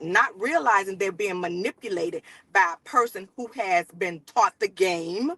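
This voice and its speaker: A woman's voice: mid-range voice, moderate pace, few pauses, a bit bright, no echo. A woman in her fifties hosting a casual panel discussion, explaining her points firmly and often agreeing with "exactly.". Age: 50s. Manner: emphatic, repeats "exactly", lectures. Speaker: panel host.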